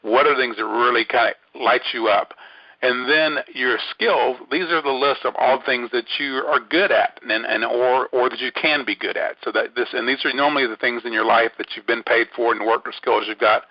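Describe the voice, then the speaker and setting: A man hosts a casual online training session, rambling and restarting his sentences often. His voice sits at an ordinary middle pitch. It comes through a dull, lo-fi line with a dry, close sound. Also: steady tone, moderate pace, dry recording. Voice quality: rambling, many fillers and restarts. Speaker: webinar host. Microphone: phone line.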